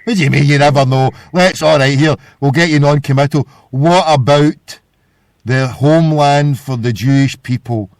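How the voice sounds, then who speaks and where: A man's voice: on the high side, moderate pace, a little mellow, no room sound. A Scottish man hosts a late-night talk show in a combative, sweary rant. He keeps pressing his guest for answers, and his voice sits dry and close with no room around it. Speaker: podcast host. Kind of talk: casual podcast rant.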